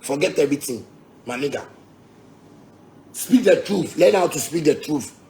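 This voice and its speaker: A man's voice: fairly high pitch, animated, moderate pace, darkish tone. A Ghanaian musician with a Ghanaian Pidgin English accent, delivering a heated, combative rant to his fans, repeating himself and swearing. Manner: combative, repetitive, swearing, laughing asides.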